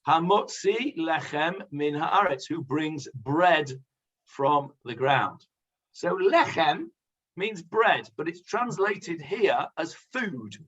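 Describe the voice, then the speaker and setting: A man, a rabbi, leading a conversational Bible class, pausing with many fillers and asking the class questions. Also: fairly high pitch, sing-song, fairly bright tone, slightly rough. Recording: dull lo-fi sound.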